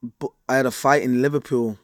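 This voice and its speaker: A man's voice: mid-range voice, fairly even intonation, brisk, no echo, studio quality. A man, a guest telling his life story in an interview in a streetwise, vivid way, mimicking gunshots and car sounds as he goes. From Manchester, England.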